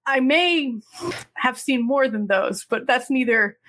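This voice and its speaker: A podcast co-host casually and animatedly retells a drama's plot, acting out the characters' lines. Her voice sits high and she speaks a little slowly, with slight background noise.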